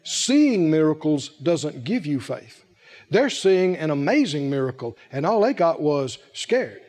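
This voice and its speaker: A man preaching a sermon in an animated, humorous way, laughing often and calling out to the congregation. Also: on the high side, a little slow.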